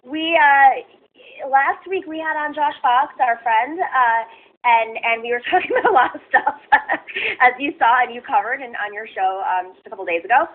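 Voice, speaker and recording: A woman's voice: high-pitched, normal speed. A woman hosting a talk show interview, hesitant and meandering, with many fillers. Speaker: host. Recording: tinny phone-like sound.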